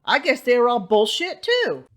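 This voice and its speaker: A woman's voice: on the high side, huge pitch swings, normal speed, fairly bright tone. A woman hosting a commentary channel, talking in a sarcastic, exasperated reaction style.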